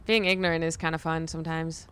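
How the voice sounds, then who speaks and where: A young woman in casual conversation with a smooth, resonant voice sitting a bit low. She rambles through her stories, swears freely and laughs along as she goes. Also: little pitch movement, fast, a bit bright. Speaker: comedian and podcast host. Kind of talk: casual chat.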